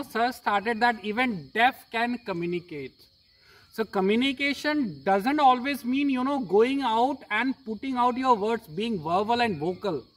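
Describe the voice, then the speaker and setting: An English teacher in an interview, speaking in a measured, explanatory way and addressing the guest respectfully as "sir". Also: medium pitch, fairly bright tone, recorded from a distance, poor audio. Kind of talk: reflective interview talk.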